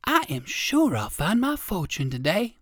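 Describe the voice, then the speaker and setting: A storybook narrator voicing a kind, polite old gentleman rabbit who speaks gently and without hurry. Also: mid-range voice, wildly swooping pitch, measured pace, dry recording, studio quality, voice pushed up, heavily acted.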